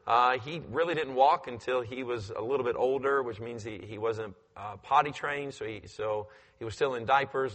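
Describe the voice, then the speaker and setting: A man in his fifties, a pastor telling animated stories in a sermon and acting out the voices. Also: mid-range voice. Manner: animated, acts out voices, climbs loud when excited. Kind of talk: storytelling in a sermon. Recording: long church hall reverb.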